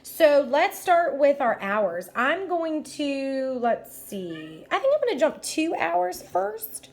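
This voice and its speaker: A woman's voice: high voice, very animated, slow. Upbeat woman walking through math problems. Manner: upbeat, encouraging, thinks aloud step by step. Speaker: teacher. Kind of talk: math lesson walkthrough.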